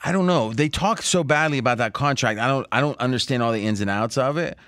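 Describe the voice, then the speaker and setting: A man's voice: mid-range voice, fast talker, a bit bright, no echo. A man hosting a sports betting podcast in a loose, joking way, with a close studio mic. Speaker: podcast host.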